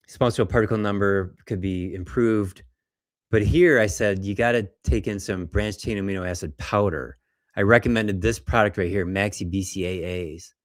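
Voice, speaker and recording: A man, a doctor, presenting lab results in a lecture, telling patient stories in a conversational, animated way and acting out what patients said. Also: lowish voice, no echo, studio quality. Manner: conversational, animated storytelling, acts out patients' words.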